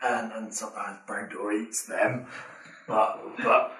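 A timid, simple-minded ogre with a Cockney accent, voiced by a man, drawls out broken phrases. He talks slowly from well away from the mic, in an echoey room. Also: lowish voice, little pitch movement, pushed and bright, far from the mic. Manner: broken simple speech, slow.

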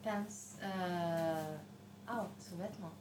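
A woman's voice: fairly low pitch, takes it slowly, a little mellow. French-accented woman giving short answers. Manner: hesitant, short answers with fillers. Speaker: native French speaker guest. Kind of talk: casual language lesson. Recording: echoey room with background noise.

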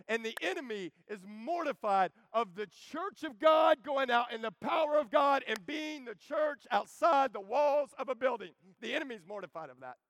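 Brief: man in his thirties, lively camp sermon, high voice, dry close sound. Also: gravelly, no echo. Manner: joking, animated, calls to the crowd. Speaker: preacher.

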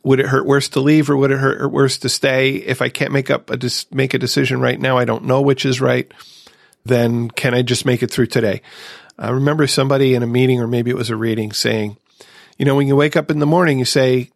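A man's voice: mid-range voice, flat delivery, a little fast, gravelly, dry recording, studio quality. A man hosting a recovery podcast, sharing his own experience in a reflective, casual way. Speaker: podcast host.

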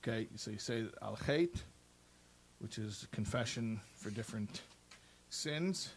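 A man in casual chat, explaining a prayer service and telling an anecdote with lively voices. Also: fairly low pitch, measured pace, vocal fry, a little hiss or hum. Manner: storytelling, animated put-on voices for anecdotes. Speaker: co-host.

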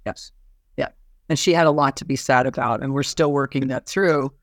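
A woman's voice: a bass voice, normal speed, no room sound, studio quality. A woman physician and therapist in a podcast conversation, recounting a patient case with frequent restarts.

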